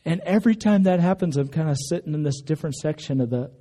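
A man's voice: fast, warm tone. A man preaching a sermon in church, telling stories conversationally and acting out quotes. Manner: conversational storytelling, acts out quotes with raised pitch. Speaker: pastor. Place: church sanctuary.

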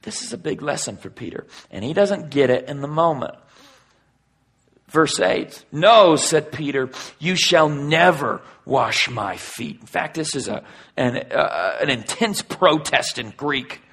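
A man preaching a sermon and reading scripture aloud. He swings between loud, forceful emphasis and hushed, near-whispered passages. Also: a little high, expressive, unhurried, breathy edge. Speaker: pastor.

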